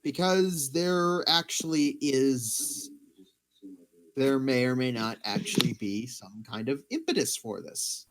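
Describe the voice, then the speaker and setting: A man narrating as game master for a tabletop role-playing session, relaxed and laughing, often stopping to hunt for a word. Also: medium pitch, slow pace, slight background noise. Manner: loose, laughing, searching for words.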